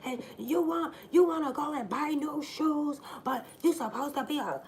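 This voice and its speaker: A woman voicing an angry ex-boyfriend who yells accusations in a high, strained voice. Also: normal speed, slight background noise, close to an everyday voice. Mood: yelling. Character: ranting angry ex-boyfriend, a grown man.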